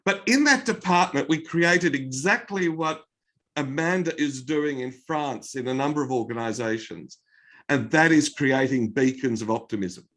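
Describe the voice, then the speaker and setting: Bright-voiced Australian man giving a motivational talk. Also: mid-range voice, measured pace. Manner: energetic anecdotal storytelling. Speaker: keynote speaker.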